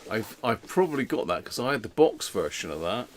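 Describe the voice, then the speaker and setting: A man's voice: medium pitch, noisy background. A man hosting a radio repair channel, chatting casually with viewers while he works and thinking aloud with trailing fillers.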